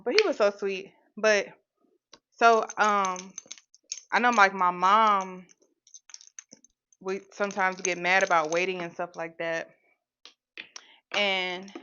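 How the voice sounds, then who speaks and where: A woman's voice: medium pitch, fairly bright tone, slight background noise. A young adult woman hosting a casual live stream and chatting straight to her viewers in a rambling, talkative way. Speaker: host of her own channel, live stream. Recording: dull lo-fi sound.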